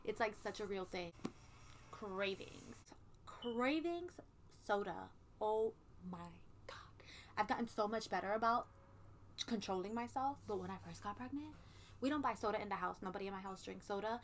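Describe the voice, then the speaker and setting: A woman talks straight to camera in a loose, candid home vlog, full of ums and likes and casual swearing. Her voice sits at an ordinary middle pitch. A faint ceiling fan hums behind her. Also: fast, poor audio. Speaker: vlogger. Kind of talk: casual pregnancy update vlog. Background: faint ceiling fan hum.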